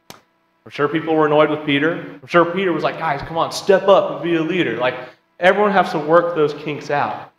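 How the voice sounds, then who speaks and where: Leading a church Bible class in an auditorium, a man with a medium-pitched, fairly bright voice converses with the group, asks questions, and reads passages of scripture. The recording is muffled, and the spacious hall adds a long reverb.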